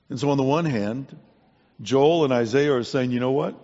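A man's voice: mid-range voice, brisk, a little mellow. A man preaching a sermon to a congregation, earnest and conversational, often restarting his words. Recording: dull sound in a long-echo hall.

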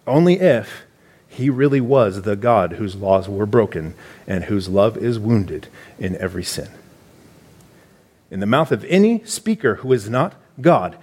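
A man, a church elder preaching a sermon in a conversational, explanatory way with animated emphasis. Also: mid-range voice, husky.

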